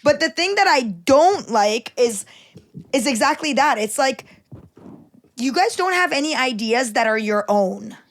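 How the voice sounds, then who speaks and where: A woman's voice: high voice, expressive, unhurried. A woman in her thirties hosting a podcast, blunt and opinionated in casual chat. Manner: blunt, opinionated, swears freely. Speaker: podcast host.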